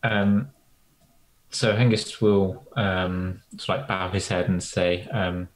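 A man playing a character in a tabletop game, speaking in a halting way with fillers. His voice sits low and stays level in pitch. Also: little pitch movement, rough recording. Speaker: player.

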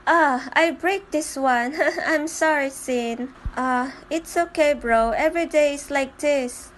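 A woman with a high voice performs a fan dub of a comic, taking every part herself. She moves from one character to the next in short exchanges and keeps an unhurried pace. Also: slight background noise. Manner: switches between many comic characters in quick bits of dialogue.

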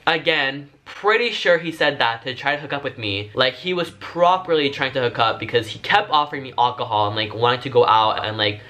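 A man's voice: medium pitch, expressive, fairly quick, few pauses, pushed and bright. A man telling a story to his vlog audience in a casual, chatty way, full of fillers and frank swearing.

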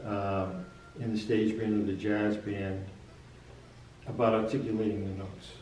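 A saxophonist and teacher explains jazz articulation in a casual music lesson chat, often repeating words as he talks. His voice is fairly low, mildly mellow and flat in delivery, at a measured pace. The recording sounds roomy and distant from the mic, with a little hiss or hum.

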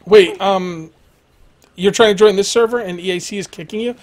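A man's voice: high-pitched, moderate pace. A young man streaming a survival game live, rambling, joking, thanking followers and swearing at the game.

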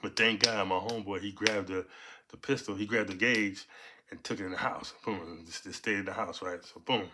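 A man in his fifties from Los Angeles, telling a personal story in animated, profane street talk. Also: brisk, slight background noise. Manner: animated, profane, punctuates with "boom". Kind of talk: casual storytelling.

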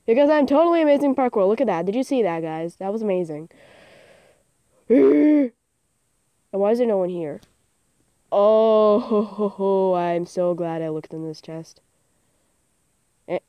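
A teenage girl giving casual, self-mocking commentary over her own game, sometimes bursting into loud cheers. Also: mid-range voice, expressive, unhurried, pauses often, clear, resonant tone, dry recording, lo-fi sound. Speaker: gaming channel host. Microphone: phone screen recording.

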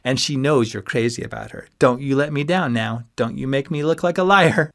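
A man's voice: mid-range voice, normal speed, creaky, voice pushed up. A man voicing a cocky, scheming young male college student who teases and mocks his friends in an audiobook. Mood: teasing. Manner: teasing, loud and mocking.

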